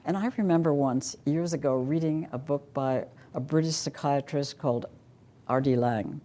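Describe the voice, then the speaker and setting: A woman's voice: low voice, normal speed, dark tone. An older woman giving a talk at a conference, with dry, wry humor, reading cartoons aloud to the audience. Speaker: conference speaker. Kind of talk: lecture to an audience.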